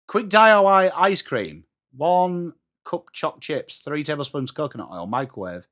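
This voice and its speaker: Chatty English host for a live footy watchalong: high, bright voice, bouncing between play calls and viewer chat. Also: male voice, big pitch swings, a little slow. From England.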